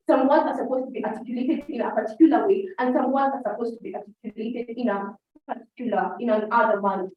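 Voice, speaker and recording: A woman's voice: a little high, slight background noise. A young woman with a Kenyan English accent gives an oratorical prepared speech as a debate speaker, repeatedly addressing her audience. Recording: distant dull mic in very echoey hall.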